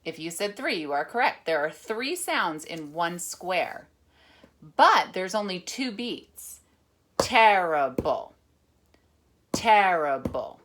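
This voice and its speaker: A woman teacher reading a picture book aloud with lively emphasis, then patiently explaining a rhythm lesson. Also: fairly low pitch, slow. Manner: animated, expressive reading with dramatic emphasis; patient, encouraging classroom explanation. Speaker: music teacher.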